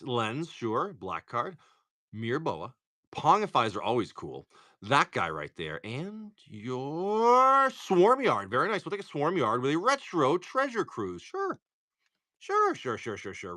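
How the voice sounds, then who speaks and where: A man with a Massachusetts accent hosting a live stream, opening card packs and rattling off each card in quick lists with joking asides. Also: medium pitch, bright, forceful tone, no echo, clean studio sound. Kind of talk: casual live commentary.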